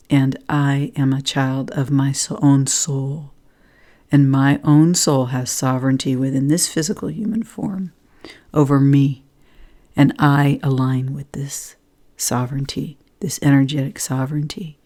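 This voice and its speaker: A woman's voice: extremely low pitch, steady tone, measured pace, mellow. A woman vlogger giving an earnest spiritual talk and telling a personal story, at times half-whispered.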